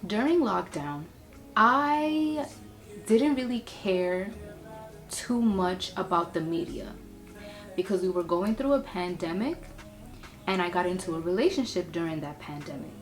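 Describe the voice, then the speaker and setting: Chatty woman vlogger, candid and animated. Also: on the low side, unhurried, faint music behind. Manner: candid, chatty, swings between reflective and excited. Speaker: beauty and lifestyle creator. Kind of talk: casual vlog monologue.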